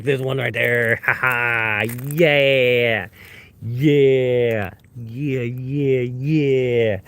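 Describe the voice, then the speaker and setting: Excitable man hunting fossils outdoors. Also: medium pitch, slow. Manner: excitable, bursts into glee over finds, talks to viewers. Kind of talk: casual talk to camera while searching. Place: outdoors on a hillside trough.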